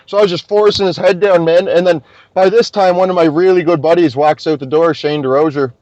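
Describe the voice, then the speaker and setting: A young man from Scotia, a podcast guest telling an animated story and swearing constantly. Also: on the high side, brisk, dry recording, dull audio. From Nova Scotia, Canada. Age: young adult. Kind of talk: casual storytelling.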